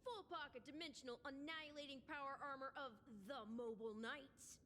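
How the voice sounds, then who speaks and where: A woman's voice: sits high, fairly quick, a bit bright, long reverb tail, a little hiss or hum. An actress playing a proud, boastful young woman in power armor in a video game, speaking in a bossy, self-satisfied way. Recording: game audio with clear background music.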